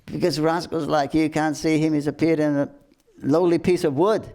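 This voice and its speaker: A man's voice: on the high side, steady tone, moderate pace, darkish tone, pitched above the performer's own voice, natural voice. A man putting on a furious scolding deity. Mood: furious, mocking. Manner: mocking, scolding, repeating words for emphasis. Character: furious divine male deity scolding a sinner.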